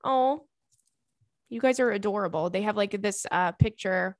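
A young woman hosting a podcast, reading listener emails and chatting in a gossipy, animated way, full of "girl" and "like". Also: mid-range voice, moderate pace, dry recording. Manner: gossipy, animated, swearing, says "girl" and "like" often. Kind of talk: casual chat.

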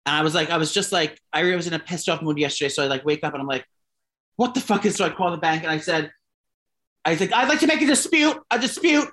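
A gay man co-hosting a casual gossip chat, swearing freely and telling animated stories full of fillers. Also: fairly high pitch, fast talker. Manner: profane, animated storytelling with lots of fillers. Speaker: podcast co-host.

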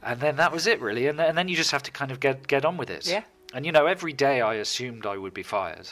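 A man being interviewed, chatting casually and telling animated stories about his work. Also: medium pitch, fast. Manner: animated, lively storytelling, puts on voices. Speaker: guest filmmaker.

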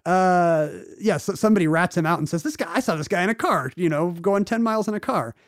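A man's voice: sits high, fast talker, no room sound, studio quality. A man co-hosting a podcast, retelling a history story with wry jokes in casual chat. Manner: wry storyteller, puts on silly voices for quotes. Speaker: podcast co-host.

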